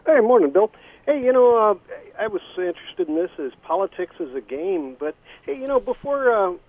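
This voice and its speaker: A man with a high, very lively voice calls in to a talk radio show and chats casually, full of "you know"s. He comes through a tinny, narrow phone line. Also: a little fast, no room sound. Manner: casual, animated, with fillers. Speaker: caller. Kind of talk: call-in radio chat.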